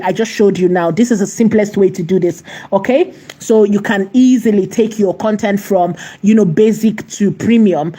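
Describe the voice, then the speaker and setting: A woman's voice: mid-range voice, moderate pace, few pauses, mellow. A woman walking viewers through an AI video tutorial, repeating herself and checking in with "okay?" and posing rhetorical questions. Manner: repetitive, checks in with "okay?" and "right?". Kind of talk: screen-recorded tutorial walkthrough.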